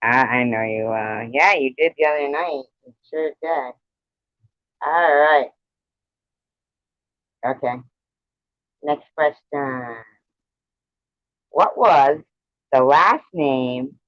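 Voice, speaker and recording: Slow, chatty man hosting a trivia stream. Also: mid-range voice, a bit bright, no echo. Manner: chatty, teasing, scorekeeping aloud. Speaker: trivia livestream host. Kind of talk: casual livestream chat. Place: at home with a cat. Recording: dull, dry lo-fi stream audio.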